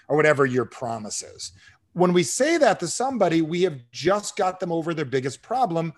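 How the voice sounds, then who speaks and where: A middle-aged man coaching on sales and dating talk in a casual podcast chat, acting out sample pitches as he goes. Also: sing-song, fairly quick. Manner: demonstrates scripts, shifting into a pitch voice. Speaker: sales and real estate coach.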